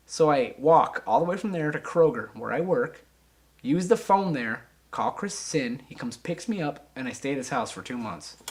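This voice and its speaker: A young man being interviewed, telling a casual, animated and profane anecdote and acting out the voices of the people in it. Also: mid-range voice. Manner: animated, profane, acts out voices and sound effects.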